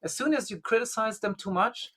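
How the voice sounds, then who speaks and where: The guest, a Gnostic bishop, has a high-sitting, fairly bright voice with a breathy edge and speaks a little fast. He rambles through a long anecdote in casual, conversational storytelling, full of "you know" and "um."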